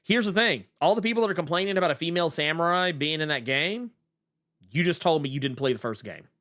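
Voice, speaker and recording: A young man hosting a podcast, chatting in an excitable, slangy way and often restarting his sentences. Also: a little high, quick pace. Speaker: podcast host. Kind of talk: casual pop-culture chat.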